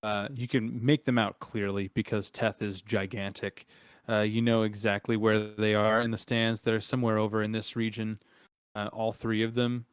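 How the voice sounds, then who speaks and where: A young adult man narrating as game master of a tabletop game, relaxed and chuckling, with frequent filler words. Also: on the low side, normal speed, smooth, dry recording.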